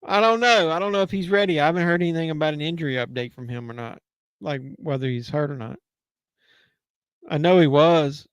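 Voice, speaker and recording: Excitable man heckling a live watch-along. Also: on the high side, clean tone, no echo. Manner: excitable, blunt and heckling, with quick asides and swearing. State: losing his voice. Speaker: host of a wrestling watch-along stream. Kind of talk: casual live reaction commentary.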